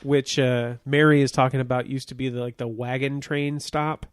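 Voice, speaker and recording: A man co-hosting a podcast in casual chat, joking with quick asides. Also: mid-range voice, flat delivery, clean tone, no room sound. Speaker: podcast co-host.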